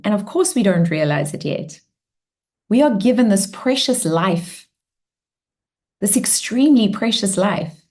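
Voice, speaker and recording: A woman's voice: medium pitch, lively intonation, takes it slowly, a little mellow. A woman hosting a live online coaching session in an upbeat, bubbly way, acting out cheerful affirmations as she talks. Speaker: workshop host.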